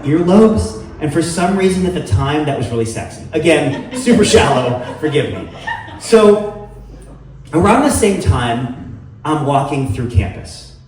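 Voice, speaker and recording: A man's voice: mid-range voice, darkish tone, recorded from a distance. A middle-aged man hosting a live storytelling show, rambling with many fillers and self-deprecating humor. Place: live venue with audience. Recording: echoey room heard from afar, faint noise.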